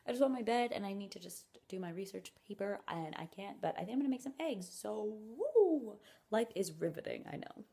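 A fast talker who barely pauses, she has a mellow, mid-range voice with a breathy edge. The young woman, a college student, chats casually to camera in her apartment, rambling with many "like"s and self-mocking complaints.

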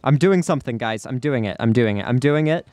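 A man's voice: medium pitch, expressive, fairly quick, darkish tone, no echo. A man giving live commentary over his own gameplay, anxious and repeating himself under pressure. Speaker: gaming YouTuber.

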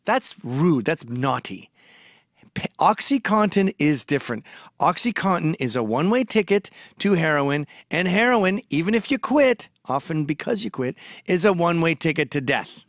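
A man's voice: on the high side, sing-song, normal speed, a bit bright, dry recording, studio quality. A man hosting a storytelling monologue, gossipy and blunt, turning urgent and emphatic when he warns. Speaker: host.

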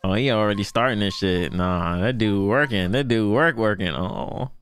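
A young man hosting a casual anime reaction, excitable and slangy, laughing often and breaking into delighted shouts. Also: on the low side, normal speed, clean tone.

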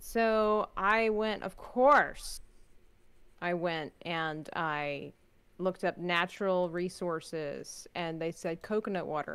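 A woman's voice: fairly low pitch, smooth. A woman chatting casually with friends while gaming, playful and jokey, drifting into mumbled asides. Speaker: streamer.

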